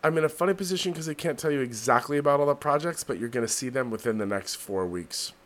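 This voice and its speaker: A man's voice: medium pitch, lively intonation, fast. A man hosting a casual podcast chat, rambling and heavy on fillers as he tells stories. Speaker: podcast host. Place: New York City.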